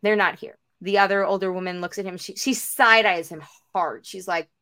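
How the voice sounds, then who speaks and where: A young woman co-hosting a podcast, telling a long story in casual chat, full of "like" and acting out everyone's lines with big jumps in pitch. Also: a little fast. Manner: animated, acts out quotes with big pitch jumps; peppered with "like" and casual swearing. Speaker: podcast co-host.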